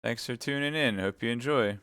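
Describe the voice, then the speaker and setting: A man reading a classic novel aloud on a live stream, steady narration with chatty asides to viewers. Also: mid-range voice, brisk, clear, resonant tone, no room sound.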